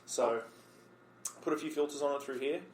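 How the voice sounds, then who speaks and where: A man's voice: fairly high pitch, moderate pace, slight background noise. A man hosting a casual podcast interview, talking loosely with plenty of fillers and restarts. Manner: relaxed, rambling with many fillers. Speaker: podcast host. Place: bar or room, recorded on a phone. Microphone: phone recorder. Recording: echoey room.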